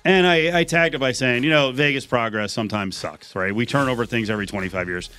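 A man hosting a radio show, chatting in a lively, excitable way. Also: medium pitch, fast talker, soft background music. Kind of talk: casual chat.

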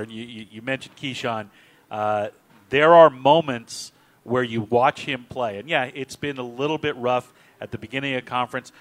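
A man hosting a sports talk show, describing plays in a measured broadcaster's way. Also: medium pitch, fairly bright tone. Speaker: show host.

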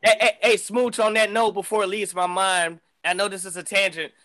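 A middle-aged rapper from the San Francisco Bay Area appears as a podcast guest, telling a story in casual chat. His voice sits high for a man, with a bright, forward edge, and at normal speed he winds animatedly through the tale, swearing and restarting often.

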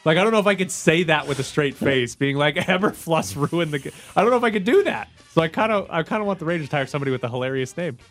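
A man's voice: fairly high pitch, faint music behind. Joking male sports radio host. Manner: quick, joking, animated. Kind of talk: casual sports talk.

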